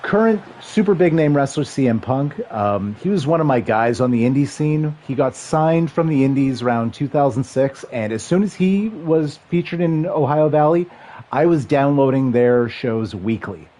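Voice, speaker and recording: Excitable man calling a football video game. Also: mid-range voice, normal speed. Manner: chatty, excitable, rambling asides. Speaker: livestream gamer and commentator. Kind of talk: casual play-by-play chat with chat.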